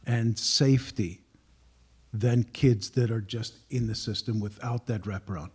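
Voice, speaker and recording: A man speaking as a guest in a casual panel discussion, measured and often clearing his throat. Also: mid-range voice.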